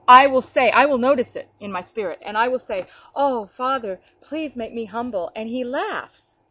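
A woman gives an earnest, conversational sermon to her online group, often restarting sentences and slipping into quoted voices. Her voice sits at an ordinary middle pitch for a woman. The audio sounds dull and lo-fi, like an online call. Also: no echo. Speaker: preacher leading an online ministry group. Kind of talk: informal spoken sermon.

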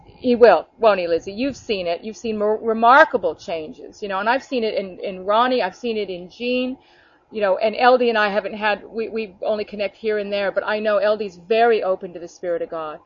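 Over a video call, a woman with a mid-range voice preaches spontaneously to a small prayer group, speaking briskly and earnestly. She calls listeners by name and often checks in with "okay?", and the audio sounds dull.

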